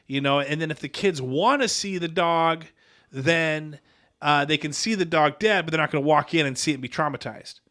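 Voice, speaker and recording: Bright-voiced man telling a rambling story. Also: a little high, expressive, moderate pace. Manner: rambling, self-correcting anecdote with quoted dialogue. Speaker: podcast co-host. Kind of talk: casual storytelling chat.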